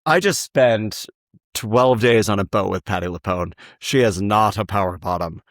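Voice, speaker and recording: A man guesting on a podcast, chatting about musicals in an animated, joking way. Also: fairly low pitch, normal speed, no room sound, studio quality. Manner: animated, joking, slips into impressions. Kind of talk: casual chat about musicals.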